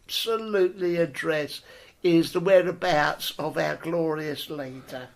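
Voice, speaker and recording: A podcast co-host telling rambling comic stories in casual banter. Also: female voice, sits low, measured pace, vocal fry. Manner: rambling storyteller.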